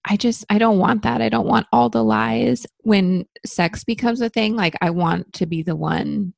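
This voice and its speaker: A woman's voice: medium pitch, steady tone, normal speed, gravelly, darkish tone, no echo. A woman in casual conversation, talking earnestly and reflectively about raising children. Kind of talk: casual chat.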